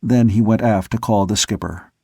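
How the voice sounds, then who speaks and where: A man reading a novel aloud as an audiobook narrator, in a measured, steady storytelling manner. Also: fairly low pitch, slightly rough, dry recording, clean studio sound. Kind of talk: scripted narration.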